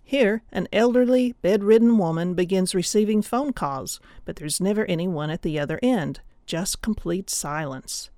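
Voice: medium pitch, moderate pace, few pauses, dark tone, no room sound, clean studio sound. An audiobook presenter giving a friendly, informative overview of a story collection. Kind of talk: promotional overview.

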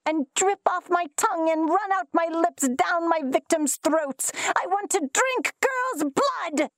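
A woman's voice: mid-range voice, expressive, slow. A woman voicing a shy twelve-year-old boy who turns ferocious and desperate, in an audiobook reading.

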